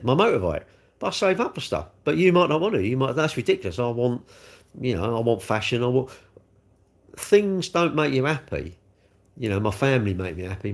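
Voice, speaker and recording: Rambling middle-aged Englishman, lively pitch. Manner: rambling, talks straight to viewers. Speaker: livestream host. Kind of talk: casual chat.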